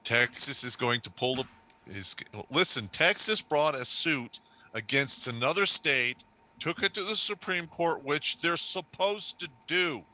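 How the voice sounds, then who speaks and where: Very bright-voiced, blunt man. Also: a little high, lively intonation, measured pace, low-quality recording. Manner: blunt, emphatic, opinionated. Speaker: livestream co-host. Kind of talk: casual chat.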